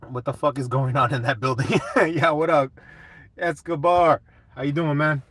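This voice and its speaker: A man's voice: on the high side, steady tone, normal speed, a bit bright, dry recording. A young man hosting a casual live chat, laid-back and swearing a lot while answering comments.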